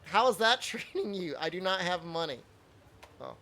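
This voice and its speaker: A man's voice: high voice, lively intonation, normal speed, sharp tone, a little hiss or hum. A man streaming a video game, chatting casually with his chat, answering questions and laughing often.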